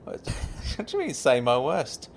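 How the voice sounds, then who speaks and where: A man's voice: mid-range voice, huge pitch swings, measured pace, vocal fry, a little hiss or hum. A man in an audio sitcom, talking in a rambling, apologetic, stammering way. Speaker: comic performer.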